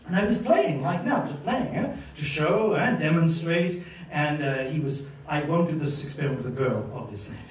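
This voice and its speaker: A man giving a master-class lecture to students, an animated storyteller who acts out scenes and laughs often. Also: on the high side. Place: university lecture room. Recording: echoey hall, distant mic.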